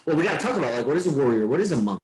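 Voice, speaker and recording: A man's voice: mid-range voice, very animated, racing, darkish tone. A man hosting a podcast, talking loosely and meandering, swearing now and then. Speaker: podcast host. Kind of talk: casual rambling chat. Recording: roomy echo.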